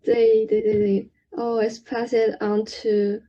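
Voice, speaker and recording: A woman learning a language, talking haltingly with many restarts and fillers over a video call. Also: a little high, little pitch movement, dark tone, muffled recording. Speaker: language student. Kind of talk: halting spoken practice.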